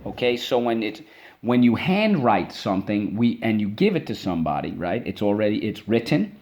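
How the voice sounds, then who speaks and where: A man teaching a spelling lesson to children, drilling words slowly syllable by syllable and coaxing the class along. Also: on the low side, big pitch swings, a little mellow.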